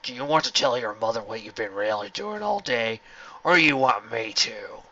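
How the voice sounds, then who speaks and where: Man playing a sly stallion general, slow smug drawl, bright tone, lo-fi. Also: medium pitch, lively intonation, far from the mic. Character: sly male pony general, smug and stern. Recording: lo-fi home recording.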